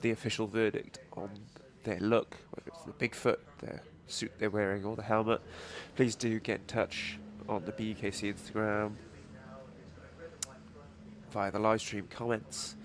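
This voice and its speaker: Nasal, gravelly commentator. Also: male voice, lowish voice, flat delivery, normal speed. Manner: dry, joking asides. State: congested from allergies. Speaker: race commentator. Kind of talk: live motorsport commentary. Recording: faint ambient noise.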